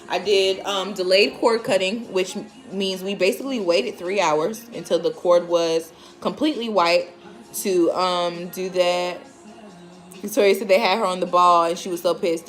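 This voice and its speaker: A woman in her twenties casually telling viewers a story, frank and animated, often laughing and acting out what other people said. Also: fairly low pitch. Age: 20s. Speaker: vlogger and new mother.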